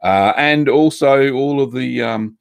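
A middle-aged Australian man hosting a casual live-stream chat, warm and rambling with many ums and uhs as he greets viewers by name. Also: mid-range voice, slow, vocal fry, clean tone, dry recording, studio quality. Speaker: host of a live cheesemaking Q&A stream.

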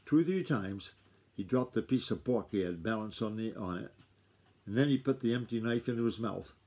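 A father reading a novel aloud to his child at home, steady and unhurried. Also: fairly low pitch.

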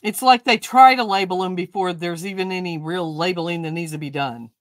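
A woman's voice: fairly low pitch, a little fast, no echo. Chatty middle-aged woman hosting, dry sound. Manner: chatty, storytelling, folksy turns of phrase. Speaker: host. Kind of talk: casual chat during a crafting show.

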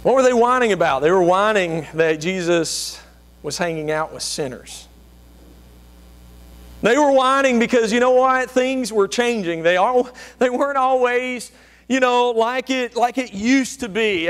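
This preacher talks a little slowly but with lively intonation. When he describes certain people, he acts them out in whiny, self-righteous voices that climb high as he imitates them.

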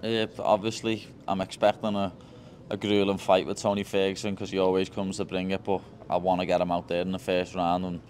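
Cocky scouse lad, deep monotone voice, faint noise behind him. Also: male voice, fairly quick, hardly any pauses. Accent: Liverpool English. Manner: blunt, brash, cocky. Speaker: fighter. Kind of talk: casual interview answers.

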